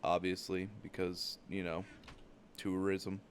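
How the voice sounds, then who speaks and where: While gaming on his channel, a young man from the United States rambles through travel stories, swearing freely and leaning heavily on "like." His very low voice is completely flat and slow, with a faint hiss under the recording.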